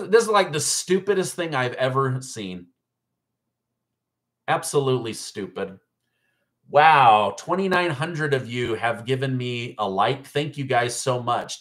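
A man in the middle pitch range hosts a political news livestream. He talks casually and chattily to his viewers, with a mocking, incredulous edge. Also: fairly bright tone.

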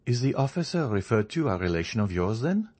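A man reading a courteous, genial male journalist in a storybook, measured and increasingly firm. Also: mid-range voice, big pitch swings, a little mellow, voice pushed up. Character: genial male journalist, friendly yet proud.

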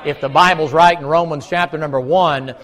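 Man, pastor, slightly high voice, dramatic sermon that jumps from yelling to low sarcasm. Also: steady tone, a little fast. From United States. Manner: dramatic, swings from shouting to mocking mutters. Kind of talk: fiery sermon. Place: church sanctuary.

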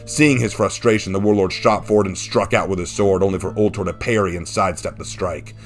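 A man narrating a fan-written action story in a steady, dramatic reading. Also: low voice, brisk. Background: faint background music.

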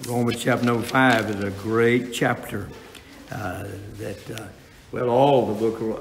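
A male pastor preaching in a roomy church hall, his voice carrying a long reverb tail. He tells stories in a folksy, halting way, full of restarts and fillers. When he reads scripture his delivery lifts into emphatic preaching. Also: medium pitch. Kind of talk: sermon.

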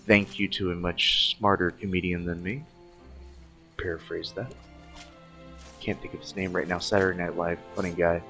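A man giving excited, jokey commentary as he plays a video game, swearing, yelling and chanting through the fights. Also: fairly low pitch, unhurried, pauses often, faint music behind. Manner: loud, jokey, swears a lot, yells and chants during fights. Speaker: gaming streamer.

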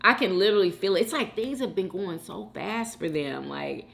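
A woman from Houston, hosting a mukbang and chatting warmly and emotionally with viewers in the chat. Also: medium pitch, normal speed, vocal fry. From Houston, Texas. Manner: chatty and emotional, calls viewers girl and sis. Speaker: mukbang host reading live chat. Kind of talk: casual chat.

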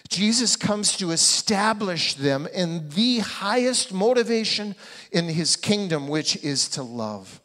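A male pastor preaches slowly, spacing out every phrase, with a voice pitched a little above the usual. He keeps putting rhetorical questions to his congregation and leans hard on his key words. His voice rings out in a church sanctuary with a long reverb. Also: expressive, fairly bright tone. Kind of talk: sermon.

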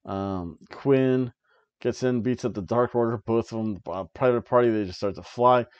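A man's voice: mid-range voice, moderate pace, smooth, no room sound. Male podcast host, casual match-recap chatter, mid-range voice, slightly muffled dry home recording. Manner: chatty, laughs often, many ums. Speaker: wrestling review podcast host.

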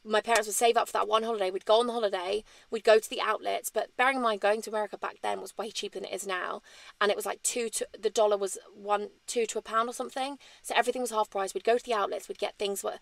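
A woman's voice: mid-range voice, steady tone, quick pace, vocal fry, fairly bright tone, no echo. A woman, chatting candidly in a rambling, emotional sit-down vlog. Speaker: vlogger.

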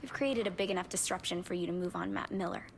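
An actress playing a paranoid young female hacker ally in a video game, with a dry, clipped, deadpan delivery. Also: fairly low pitch, fast, gravelly, slight background noise. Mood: wary. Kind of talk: video game cutscene dialogue.

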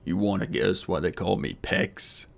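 A man voicing a dim-witted hulking male henchman, slow and dull. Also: sits low, huge pitch swings, creaky, full character voice. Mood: annoyed.

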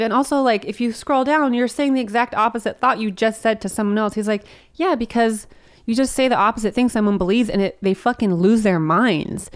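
Animated swearing woman comedian. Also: fairly quick. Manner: swears freely, acts out quotes in high animated bursts. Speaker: comedian guest. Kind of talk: casual podcast chat.

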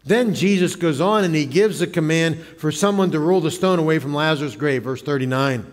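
A man's voice: a little high, fairly quick. A man preaching a sermon as pastor, dramatic, acting out the voices he quotes. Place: church sanctuary. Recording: church hall reverb.

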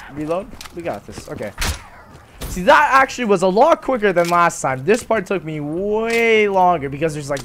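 A young man giving excitable live commentary over a video game, swearing and talking to the characters on screen. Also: sits high, slight background noise. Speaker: gaming YouTuber. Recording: voice over loud game audio.

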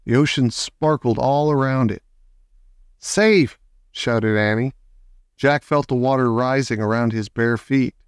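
A man reading a children's book aloud in a slow, expressive storytelling manner. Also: medium pitch, smooth, no echo, clean studio sound. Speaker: audiobook reader.

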